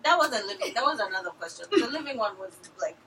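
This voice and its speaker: A high-voiced woman who teases her friends and chips in with short, dry remarks. She sounds far from a laptop mic, under a loud noisy hiss. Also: expressive. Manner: teasing, quick interjections. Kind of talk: casual chat among friends. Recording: distant laptop mic with loud background noise.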